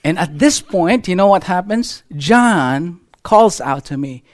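A middle-aged male pastor preaching a sermon to his church, animated and full of rhetorical questions to the congregation. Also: sits high, slow. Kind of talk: sermon with a children's illustration.

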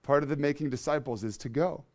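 A man's voice: a little high, quick pace, darkish tone. A man preaching a sermon as pastor, emphatic, repeating key phrases and asking his listeners questions.

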